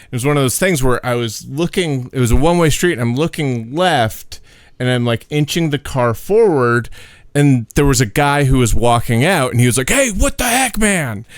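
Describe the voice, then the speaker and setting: A man's voice: medium pitch, moderate pace, smooth, dry recording, clean studio sound. A man casually telling a story on a comedy podcast, acting out quotes in a laid-back way.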